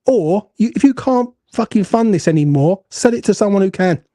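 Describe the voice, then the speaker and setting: Ranting football host. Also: male voice, high voice, animated, moderate pace, warm tone, no room sound, clean studio sound. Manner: blunt, swearing, ranting. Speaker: fan show host. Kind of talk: heated fan call-in chat.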